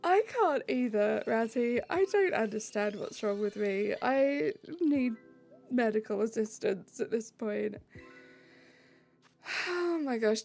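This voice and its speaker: Giggly streamer woman with a gravelly edge. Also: fairly high pitch. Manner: giggly, self-mocking, chatty. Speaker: streamer reading chat. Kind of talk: casual live-stream chat.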